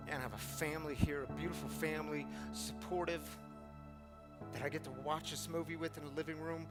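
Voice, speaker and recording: A man's voice: fairly high pitch, fairly even intonation, brisk, loud music behind the voice. A middle-aged man leading a recovery group, giving an earnest motivational talk with pleading lines he acts out. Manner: earnest, acts out pleading quotes with rising intensity. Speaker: recovery community leader.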